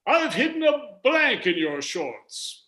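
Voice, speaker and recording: A man's voice: extremely high pitch, very animated, slow pace, bright, forceful tone, roomy sound, pitched above the performer's own voice, full character voice. A man voicing a prim male British gadget chief in a hammy, put-on British accent. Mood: prim warning. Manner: hammy, exaggerated upper-crust delivery.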